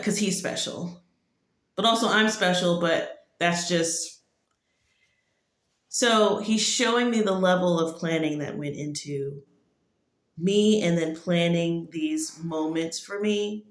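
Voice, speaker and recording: This woman's voice sits on the low side and moves a little slowly. Her spoken testimony is casual and rambling, packed with "like," and the room around her echoes.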